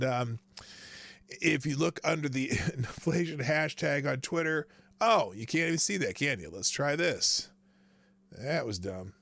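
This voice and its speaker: A man's voice: medium pitch, gravelly, sharp tone, dry recording. A man hosting a casual live stream, chatting in a rambling way, thanking viewers and reading news aloud.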